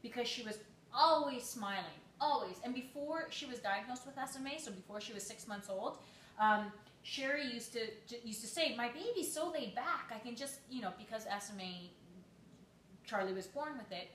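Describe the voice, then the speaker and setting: Woman, chatty and affectionate, quick restarts, slightly high voice, roomy echo. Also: fairly bright tone, slight background noise. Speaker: vlogger. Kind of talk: casual live chat, reading a post aloud.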